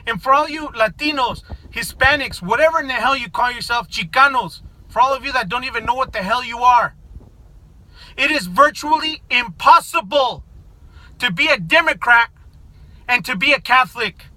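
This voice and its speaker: Man ranting angrily, bright and profane. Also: very high voice, normal speed, low-quality recording. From United States. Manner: profane, shouting, confrontational. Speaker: vlogger. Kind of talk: angry political rant to camera.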